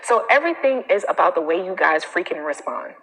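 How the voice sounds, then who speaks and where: A woman's voice: big pitch swings, fairly quick, a bit bright. Emphatic woman coaching in a reverberant room. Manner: emphatic, repeats phrases, frequent "okay?" tags; acts out others' quoted lines in a higher voice. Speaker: confidence coach. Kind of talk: live-stream advice talk.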